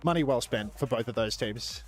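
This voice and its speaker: A man's voice: mid-range voice, normal speed. A man casting a co-stream, joking in casual chat with playfully boastful banter. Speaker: co-streaming esports caster.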